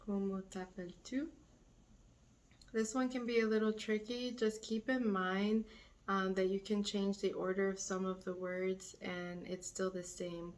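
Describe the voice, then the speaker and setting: Woman teacher going real slow, saying every phrase over a few times for beginners. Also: medium pitch, darkish tone. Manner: slow, repeats phrases for learners. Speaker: French teacher. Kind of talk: beginner language lesson.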